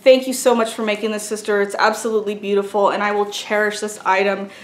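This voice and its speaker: A woman's voice: mid-range voice, level tone, fast. Gushing woman unboxing in an echoey room. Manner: gushing, exclaims often over each item. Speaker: beauty and craft vlogger. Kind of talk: casual unboxing chat. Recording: echoey room with faint noise.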